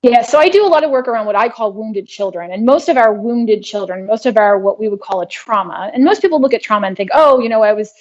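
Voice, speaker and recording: A woman guest in an interview, explaining her work earnestly and telling a personal story in a steady way. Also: fairly high pitch, quick pace, hardly any pauses. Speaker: guest, trauma healing practitioner. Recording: dull lo-fi sound.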